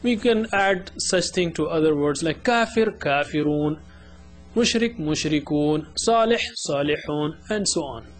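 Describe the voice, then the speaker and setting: A man teaching children in a slow, repetitive call-and-response drill, saying each phrase and then its translation. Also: fairly high pitch, lively intonation, faint music behind, rough recording. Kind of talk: children's language lesson.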